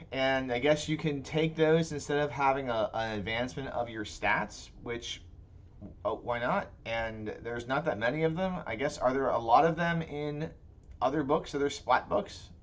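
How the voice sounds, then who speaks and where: A man's voice: fairly high pitch, normal speed. A man co-hosting a casual tabletop gaming podcast, talking in rambling, self-interrupting chat. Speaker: podcast co-host.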